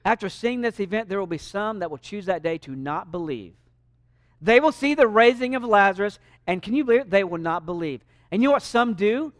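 A male pastor preaching a sermon, emphatic, swinging between loud and hushed. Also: high-pitched, dry recording, studio quality.

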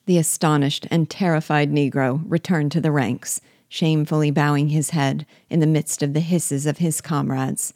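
A woman reading a classic novel aloud with steady, measured storytelling, close to the mic. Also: deep voice, no room sound. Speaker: audiobook reader.

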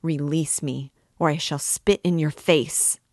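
A woman's voice: sits low, steady tone, a little slow, dry recording, clean studio sound. Woman voicing a furious, frightened young girl. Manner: urgent, outraged, raised voice.

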